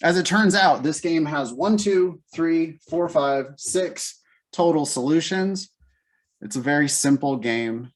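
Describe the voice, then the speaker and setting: A man's voice: on the high side, takes it slowly. A man leading a live test-prep class, thinking aloud step by step in a casual way. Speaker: LSAT teacher.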